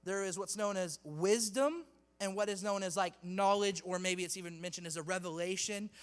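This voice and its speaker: A man's voice: high-pitched, normal speed, clear, resonant tone, in a large hall. A man preaching a sermon to a youth group, casual and slangy, joking with the crowd between points. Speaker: youth pastor. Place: church hall with youth audience.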